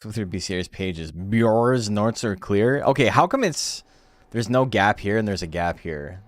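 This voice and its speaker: Laid-back low-voiced man streaming a game. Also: expressive, measured pace, dry recording. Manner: reads game text aloud, wry and offhand. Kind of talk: casual game commentary.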